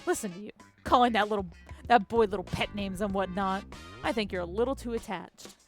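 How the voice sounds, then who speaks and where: A woman doing a gruff protective dad. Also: medium pitch, a little fast, soft background music, natural voice. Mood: grumbling. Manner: firm, flat, grumbling. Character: gruff overprotective middle-aged father.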